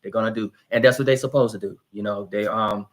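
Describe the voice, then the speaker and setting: A man, a pastor, hosting a live church discussion and telling a story in a lively, animated way. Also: fairly low pitch, fast. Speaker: pastor and host.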